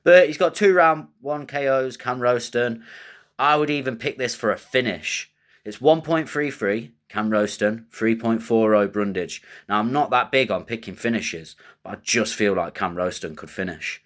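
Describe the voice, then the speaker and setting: A man hosting fight predictions in casual, animated commentary, joking and swearing. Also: mid-range voice, normal speed. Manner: animated, joking, crude trash talk.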